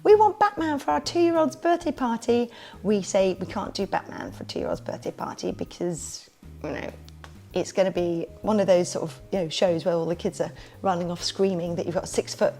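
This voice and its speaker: A woman who runs a kids party business, telling stories as a podcast guest in a lively way and acting out the voices she quotes. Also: fairly low pitch, a little fast. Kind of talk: casual interview storytelling.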